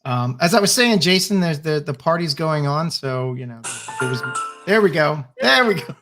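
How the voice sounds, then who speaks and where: A man's voice: a little high, lively intonation, music in the background. A man running a tabletop spy game as game master, narrating a party scene with frequent fillers and restarts. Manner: halting, many fillers and restarts.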